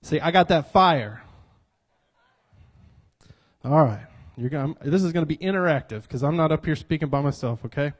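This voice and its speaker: A man's voice: fairly high pitch, quick pace, hardly any pauses, a little mellow. A man preaching an interactive church sermon, joking around and calling on the congregation to repeat lines back to him. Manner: joking, self-described cut-up, calls for congregation responses.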